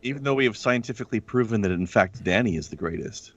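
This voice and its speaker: A man's voice: on the low side, expressive, fast, no echo, highs cut off. A man making wry, laughing remarks during a casual podcast.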